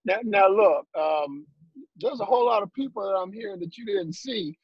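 Husky, high-voiced man, teasing. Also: expressive, moderate pace, no room sound. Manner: teasing, playful questioning. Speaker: caller on a conference call. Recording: dry, muffled call audio.

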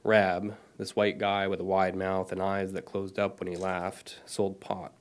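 A man's voice: sits low, unhurried. Man in his thirties reading his fiction aloud. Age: 30s. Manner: self-deprecating, apologetic asides between steady reading. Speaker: author. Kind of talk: reading his own short story at a lecture.

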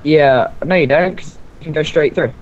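Young guy playing games w mates, swears a lot, bit muffled mic, light hiss. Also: fairly high pitch. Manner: excitable, swears often, quick outbursts. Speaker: let's play co-host. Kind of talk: casual gaming chat. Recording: slightly dull lo-fi mic with faint noise.

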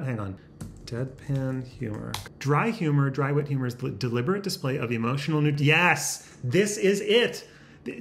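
A man talks straight to camera at home in a casual, self-conscious way, joking and often laughing at himself. His voice sits at a mid pitch. A faint room hiss hangs under the recording. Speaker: vlogger. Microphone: camera facing him.

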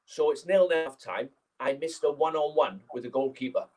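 Lively storytelling man, fairly high voice. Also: moderate pace, low-quality recording. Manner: lively, acts out scenes. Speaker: guest speaker. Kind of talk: anecdotal storytelling.

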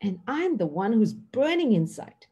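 Husky middle-aged woman teaching mindfulness. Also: medium pitch, unhurried, dull audio. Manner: earnest, acts out dialogues with lively emphasis. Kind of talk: teaching talk.

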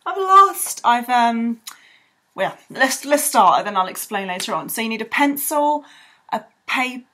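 A woman's voice: fairly high pitch, expressive, measured pace, bright, forceful tone. A young woman teaching children to draw in a bubbly, rambling way with playful sound effects. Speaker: art tutor. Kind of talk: drawing tutorial for children.

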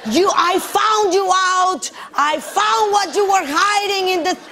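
A woman acting out her exasperated husband as he shouts at her. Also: very high voice, slow pace, slight background noise, voice pushed up, full character voice. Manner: loud and exasperated. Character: fed-up husband ranting at his wife.

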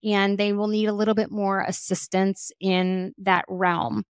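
A woman speaks as a guest expert on children's emotions, sounding like a mother of two. She talks in an animated, conversational way, filling gaps with "like". Her voice sits in a middle register, recorded close and dry. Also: mid-range voice, unhurried, smooth, no room sound. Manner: animated, acts out quoted voices, frequent "like". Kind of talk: conversational podcast interview.

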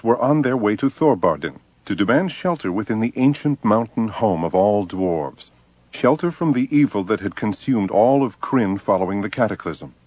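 A man reading a fantasy audiobook summary in an even, steady storytelling manner. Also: lowish voice, no echo. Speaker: audiobook narrator. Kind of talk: scripted summary narration.

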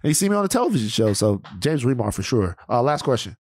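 Profane, rambling podcast host. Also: male voice, mid-range voice, sing-song, fast talker, darkish tone, breathy edge, no room sound. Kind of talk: casual podcast chat.

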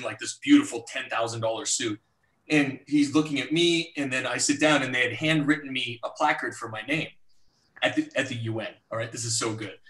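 Brief: male guest speaker, mid pitch, animated storytelling, roomy echo on a video call. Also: distant mic. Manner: animated storyteller, voices others in his anecdotes. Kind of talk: storytelling in a live talk.

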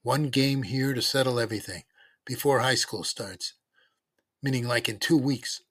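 A man's voice: mid-range voice, moderate pace, a bit bright, no echo, close to an everyday voice. A man voicing a scheming, cocky teenage bully in a storybook reading, speaking smug and bossy.

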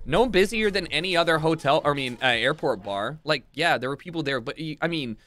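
A man streamer telling a long story casually, swearing often and acting out what people said with big jumps in pitch. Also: fairly quick, faint music behind. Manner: animated, profane, acts out quotes with big pitch jumps.

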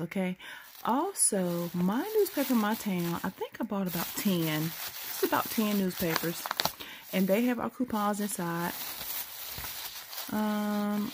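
A woman's voice: on the low side, a little mellow, a little hiss or hum. A sleepy woman, rambling through a casual late-night vlog into a handheld phone. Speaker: couponing vlogger.

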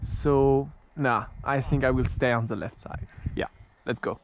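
Out on a freezing, snow-covered field, a vlogger with a French accent chats casually as he pilots his RC glider, laughing a lot and starting sentences over. His medium-pitched voice stays steady and measured, with a bit of hiss or hum in the recording.

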